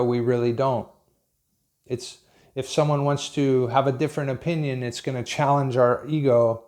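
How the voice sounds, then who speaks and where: A man with an American accent, talking like a teacher who speaks his mind. His voice sits at an ordinary middle pitch. He rambles in a loose, unscripted way and laughs at his own remarks. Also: darkish tone. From Pennsylvania, USA. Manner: rambling, frank, chuckles at his own points. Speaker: English teacher. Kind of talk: casual unscripted talk to camera.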